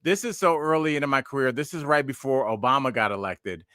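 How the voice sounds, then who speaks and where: Talking fast in a mid-range, somewhat bright voice, a comedian and podcast host in his forties chats casually, telling stories that ramble off on tangents. The studio recording is clean, without room sound.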